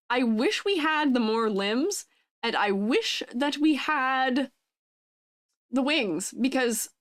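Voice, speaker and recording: A woman's voice: sits high, fairly bright tone. A woman in her twenties chatting casually on a live stream, bubbly and giggly as she reads and answers chat. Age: 20s. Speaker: vtuber streamer.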